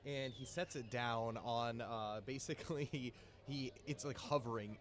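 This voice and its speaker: A man's voice: medium pitch, moderate pace. A man narrating as game master of a tabletop game, casual and laughing often.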